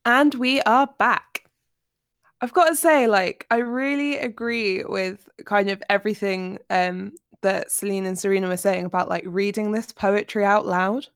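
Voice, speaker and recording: A woman in her twenties co-hosts a podcast, chatting casually about books in a book-club style with frequent fillers and restarts. Her mid-range voice is clear and resonant, a little slow with fairly even intonation, recorded clean in a studio with no room sound.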